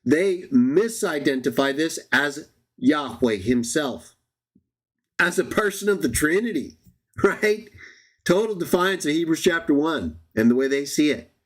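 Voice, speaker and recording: A man's voice: a little high, lively intonation, measured pace. A man hosting a live-streamed Bible study, reading verses aloud and arguing his point with rhetorical questions to the viewers. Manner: argumentative, addresses viewers as everybody, rhetorical questions.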